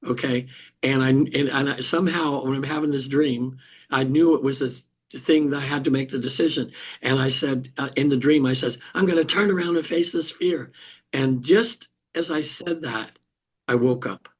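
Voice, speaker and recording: In an interview, an older man who works as a hypnotherapist shares a personal story, his mid-range voice holding a steady tone. His delivery halts, with frequent restarts and throat clearing.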